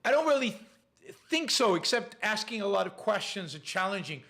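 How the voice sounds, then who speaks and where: A man's voice: high voice, very animated, a little fast, pushed and bright. A man with a noticeable accent hosting a casual question-and-answer show, reading viewer questions aloud and answering them with frequent restarts and fillers. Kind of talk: casual live Q&A talk.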